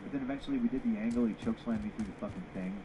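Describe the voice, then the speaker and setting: Talking very fast in a mid-range voice, an ex-pro wrestler bluntly recalls his ring career in an interview, cursing freely. He gets animated and his voice rises as he performs past arguments in quoted lines. Nonstop video-game gunfire and battle sounds blast over the podcast audio throughout.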